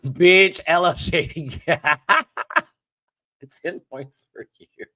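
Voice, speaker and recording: Lively man hosting a live reaction stream. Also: mid-range voice, dry recording, studio quality. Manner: animated, laughs often, breaks into bits and quick asides. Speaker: host reviewing a reality show live. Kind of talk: live-stream commentary, reading chat.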